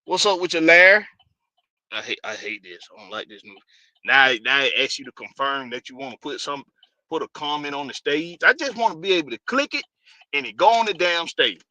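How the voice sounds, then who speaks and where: A man's voice: on the high side, lively intonation, fairly quick, sharp tone, dry recording. A man hosting a casual live stream, rambling loosely and greeting viewers by name.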